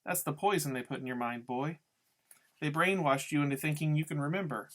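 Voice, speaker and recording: A man reading aloud, voicing a cold, menacing father who speaks low and controlled. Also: fairly quick, natural voice.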